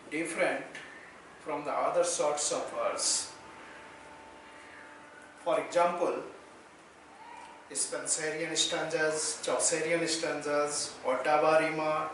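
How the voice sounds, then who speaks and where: A man with an Indian English accent teaching a slow, deliberate lesson on poetry. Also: fairly high pitch, fairly bright tone, far from the mic, slight background noise. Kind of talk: lecture on poetry. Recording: echoey room, voice off-mic.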